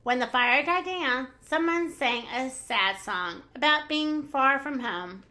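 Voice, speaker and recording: A woman reading a children's picture book aloud in an expressive, animated storytelling manner. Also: high-pitched, takes it slowly.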